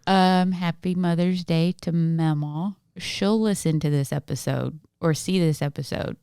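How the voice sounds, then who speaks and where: A woman with a low, smooth, clear voice, co-hosting a casual podcast. She tells jokes with animated delivery and laughs often. The sound is dry and close. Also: unhurried, no echo. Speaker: podcast co-host. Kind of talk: casual chat, telling jokes.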